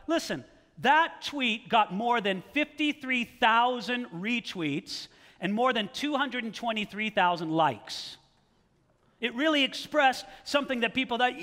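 High bright-voiced preacher in a reverberant hall. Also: male voice, unhurried. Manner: animated, rhetorical questions, mock-challenging tone. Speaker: pastor. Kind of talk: sermon.

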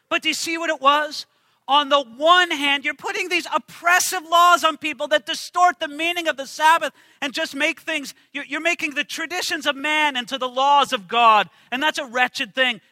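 A man preaching a sermon, swinging between loud emphasis and hushed passages as he reads scripture aloud. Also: very high voice, dry recording, big-room sound. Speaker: pastor.

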